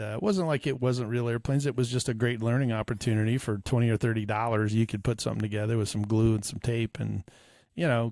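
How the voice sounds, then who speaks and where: A man's voice: medium pitch, darkish tone, no echo, studio quality. A man co-hosting a hobby podcast, chatting in an easygoing way and repeating words as he thinks. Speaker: podcast co-host. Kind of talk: casual chat.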